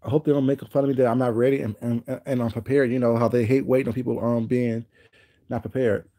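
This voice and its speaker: A man's voice: mid-range voice, steady tone, fast talker, dark tone. A man hosting a livestream, chatting casually with his viewers in a rambling, repetitive way, often asking whether they know what he's saying. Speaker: livestream host.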